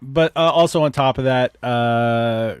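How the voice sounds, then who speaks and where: A man's voice: mid-range voice, unhurried, a little hiss or hum. Joking male host, stumbling restarts. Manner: jokey, stumbling over restarts. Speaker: show host. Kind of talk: casual chat on a live video show.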